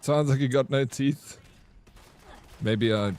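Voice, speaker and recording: A man's voice: medium pitch, slow pace, a little mellow. A South African man chatting casually with his viewers during a live game stream, reading and answering their comments. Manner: chatty, laid-back, reads and answers chat.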